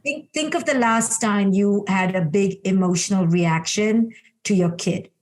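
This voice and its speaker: A middle-aged woman psychologist guiding a parent through a coaching exercise, calm and affirming, often answering with "beautiful". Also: mid-range voice, a little slow. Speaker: clinical psychologist and guest.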